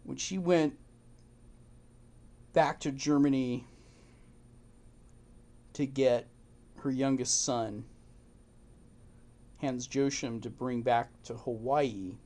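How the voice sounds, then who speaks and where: A man giving casual, halting commentary while reading through old documents. He thinks aloud, restarts often and chuckles to himself. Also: mid-range voice, fairly even intonation, darkish tone. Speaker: channel host.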